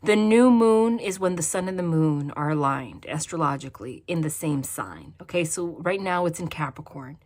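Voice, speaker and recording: A woman's voice: deep voice, lively intonation, moderate pace, few pauses, a little mellow. A woman tarot reader talking casually to her viewers about spiritual practice, stopping often to check in and correct herself. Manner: chatty, repeats "okay?", frequent small slips and self-corrections. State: cold, shivering. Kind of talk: casual spiritual talk to camera.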